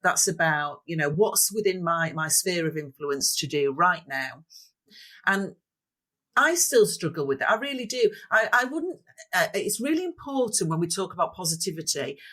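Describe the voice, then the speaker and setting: A woman with a somewhat low voice talks as a guest on an interview podcast. She sounds upbeat and motivational. She explains her points through everyday examples. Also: expressive, normal speed, a bit bright. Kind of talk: interview conversation.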